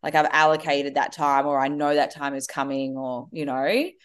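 Woman, 30s, podcast guest, lowish voice, animated storyteller. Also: moderate pace, clean tone. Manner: animated, acts out her kids' voices. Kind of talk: casual conversation.

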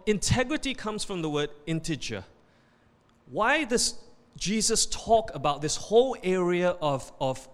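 High-pitched guy preaching, punchy emphasis, big echoey hall. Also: a bit bright. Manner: emphatic, rising on key points, tells jokes. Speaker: pastor. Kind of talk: sermon. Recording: reverberant hall.

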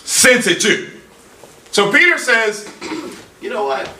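Animated preacher man, echoey and distant. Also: very high-pitched, slow. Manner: animated, quoting scripture in dramatic voices. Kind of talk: sermon. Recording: echoey room from far off with faint ambience.

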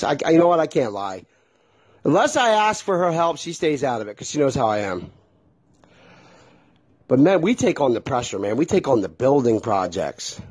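Animated husky-voiced man ranting. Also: fairly high pitch. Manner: animated, swearing, exasperated. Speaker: vlogger. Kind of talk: casual storytelling rant.

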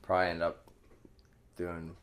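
A man's voice: low-pitched, completely flat delivery, measured pace. A young man hosting a casual podcast at home, laid-back and swearing freely. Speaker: podcast host. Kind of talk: casual chat.

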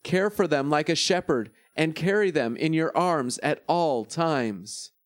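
A man reads scripture in a steady, measured way. His voice sits a little above the usual male range. The sound is close and dry, with no room around it. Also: a little high, no room sound. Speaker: scripture reader. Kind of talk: scripted Bible reading.

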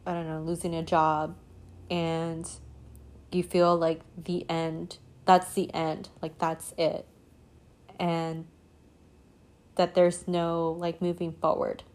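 A woman's voice: fairly low pitch, completely flat delivery, slow pace, long pauses, a little mellow. A woman hosting her own podcast, talking earnestly and meandering, full of "you know" and "like". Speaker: podcast host. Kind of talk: casual reflective solo podcast talk.

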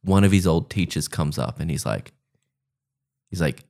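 A man in casual improvised comedy chat, animatedly acting out characters in quick asides. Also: sits low, animated, vocal fry, darkish tone.

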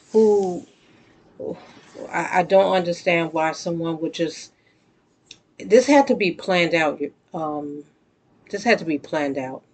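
A vlogger talking straight to viewers in casual spoken commentary, earnest and conversational, often restarting sentences and breaking into emphatic outbursts. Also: mid-range voice.

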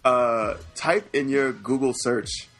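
A man co-hosting a podcast in casual chat, telling stories in a profane, excitable way. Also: medium pitch, takes it slowly. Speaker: podcast co-host.

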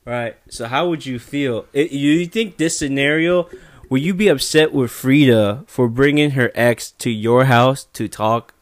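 A man's voice: mid-range voice, a little slow, no room sound. A young man co-hosting a casual podcast, telling a long hypothetical story with many restarts. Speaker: podcast co-host. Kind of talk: casual chat.

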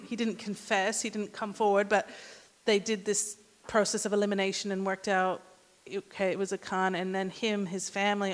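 A woman giving a casual, conversational sermon and asking the congregation questions. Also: mid-range voice. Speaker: church speaker. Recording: hall reverb.

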